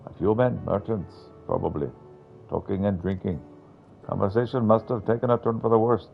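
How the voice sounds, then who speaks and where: A man voicing a gruff, shaken male tradesman who bluntly recounts a horror he witnessed, in a game. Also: fairly low pitch, steady tone, moderate pace, narrow, tinny audio, soft background music. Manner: blunt, swears.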